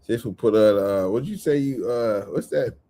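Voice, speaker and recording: A man telling a casual story, animated, often laughing and repeating himself. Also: fairly low pitch, moderate pace. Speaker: vlogger.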